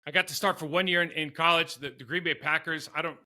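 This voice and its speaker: A man's voice: on the high side, fairly even intonation, fast talker, bright, forceful tone. A middle-aged man, a former pro football player, telling long self-deprecating stories in a podcast interview, with many restarts and asides.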